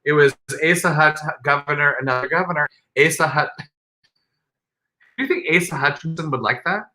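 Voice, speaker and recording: Podcast co-host, man, high-ish bright voice, very animated and wry. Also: a little fast. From United States. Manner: animated, laughing, sarcastic asides. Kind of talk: casual chat.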